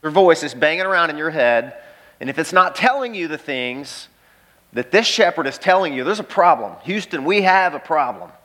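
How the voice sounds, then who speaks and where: A man's voice: a little high, animated, moderate pace, pushed and bright. Man preaching an emphatic sermon. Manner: emphatic, repeats key phrases, addresses listeners as guys. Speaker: pastor.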